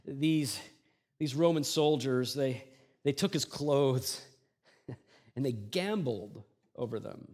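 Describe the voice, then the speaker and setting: Male pastor, sermon delivery, slightly higher voice, dynamic, hushed to emphatic. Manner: swings from hushed to loud and emphatic; acts out mocking voices while reading scripture.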